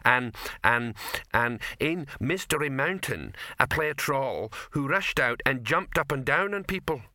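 A man voicing a dim, boastful male troll who works as a bit-part actor, with slow, rough, chummy speech. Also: medium pitch, expressive, pushed and bright, no room sound, studio quality, voice pushed up. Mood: matter-of-fact.

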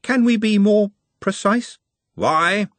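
A man's voice: high voice, slow pace, fairly bright tone, no room sound, pitched above the performer's own voice. A man voicing a fussy, anxious young male wizard clerk who speaks in a precise, hesitant and apologetic way.

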